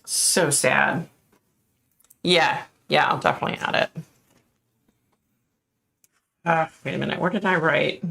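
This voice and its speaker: A woman's voice: deep voice, fairly even intonation, a little slow, gravelly, pauses often, fairly bright tone. A woman hosting a casual livestream, chatting and reacting aloud to viewer comments. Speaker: livestream host.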